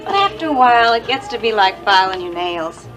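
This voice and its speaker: An actress playing a kindly, teasing coworker in a 1980s TV soap opera. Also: female voice, mid-range voice, big pitch swings, fairly quick, over music, close to an everyday voice, low-quality recording. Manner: warm, teasing, encouraging. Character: kindly motherly coworker, Nita.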